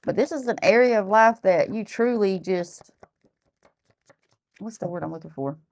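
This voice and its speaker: A woman's voice: mid-range voice, moderate pace. A woman giving a casual tarot reading who talks bluntly, thinks aloud and repeats herself. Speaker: tarot reader.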